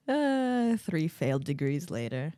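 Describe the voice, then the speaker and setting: Lady on a podcast, slow and giggly, says like a lot, dry close sound. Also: on the high side, sing-song, dark tone, no echo. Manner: giggly, chatty, lots of "like". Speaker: marketing staff, podcast co-host. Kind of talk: casual chat.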